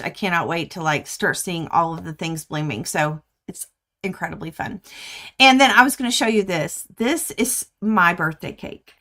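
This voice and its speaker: An older woman hosts a casual livestream, talking to viewers through her webcam. Her voice is bright and forward, and she chats in an excitable, easily amused way. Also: lowish voice. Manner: chatty, excitable, laughs easily. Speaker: quilting livestream host. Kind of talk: casual chat to live viewers.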